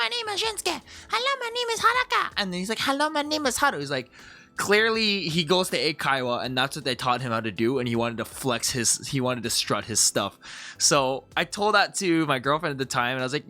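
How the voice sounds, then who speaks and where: A young man chatting casually as he reviews his own comedy video, animated and full of restarts. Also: a little high. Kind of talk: casual commentary.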